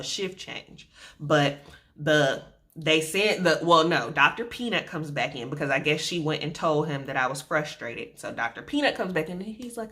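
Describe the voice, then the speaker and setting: Young woman vlogger, animated storyteller, fairly low pitch, bright forceful tone, sarcastic edge. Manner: animated, colloquial, sarcastic asides. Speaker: vlogger telling her birth story. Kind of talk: casual storytelling to camera.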